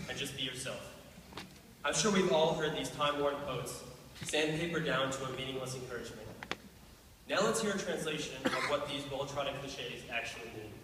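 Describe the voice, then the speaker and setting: A teenage boy giving a graduation speech with dry, deadpan humor. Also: fairly high pitch, slight background noise. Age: teens. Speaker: graduating student speaker. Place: large hall. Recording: echoey hall from far off.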